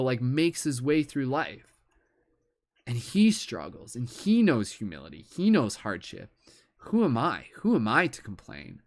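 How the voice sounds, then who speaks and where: A man giving a live tarot reading, talking in a reflective, earnest way and often filling with "like" and "you know". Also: mid-range voice. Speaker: tarot reader.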